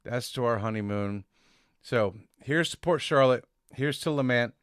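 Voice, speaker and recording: A young adult man co-hosting a casual podcast chat, telling stories with animated energy and casual swearing. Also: medium pitch, measured pace, smooth, no room sound, studio quality. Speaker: podcast co-host.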